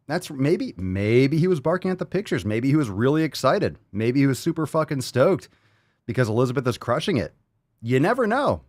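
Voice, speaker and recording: A man hosting a casual livestream podcast, loud and profane, hyping up listener posts and talking to his dog. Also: medium pitch, no room sound. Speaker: podcast host.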